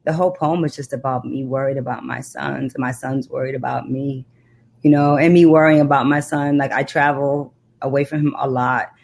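A woman poet who recites her spoken-word poem in a slow, rhythmic, impassioned way, then talks reflectively about her work in an interview. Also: fairly even intonation, gravelly, darkish tone. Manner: low-key, reflective talk with fillers. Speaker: poet and author.

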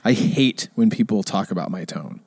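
A middle-aged man co-hosts a podcast, chatting casually and animatedly and acting out quoted voices in a higher pitch. He talks at a moderate pace, and the recording is dry and of studio quality.

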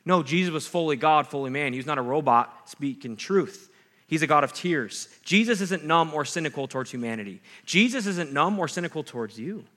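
A man's voice: on the high side, lively intonation, fairly quick, fairly bright tone. A young adult man, a pastor, giving a sermon in a conversational way, with jokey asides and acted-out quotes.

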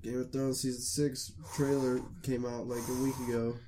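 Teen guy, casual teasing banter, mid pitch. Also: little pitch movement, moderate pace, mellow, a little hiss or hum. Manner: offhand, teasing, profane. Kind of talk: casual chat.

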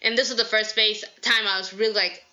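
Bubbly bright-voiced woman podcaster. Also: mid-range voice, steady tone, a little fast. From Southern United States. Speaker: podcast host. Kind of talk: casual advice talk.

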